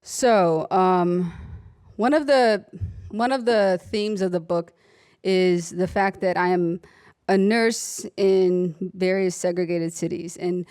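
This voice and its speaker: A woman's voice: on the low side, takes it slowly, smooth. A young adult woman, an emergency room nurse and author, telling stories from her work in a conversational talk, acting out the people in them. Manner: animated storytelling, voices her patients, laughs often.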